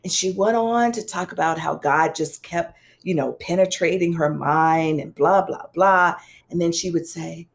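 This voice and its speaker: A woman guest, a psychologist and pastor, telling a personal story in an interview, animated and conversational with touches of self-deprecating humor. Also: measured pace, gravelly, hardly any pauses. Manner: animated, acts out quoted dialogue with big pitch swings.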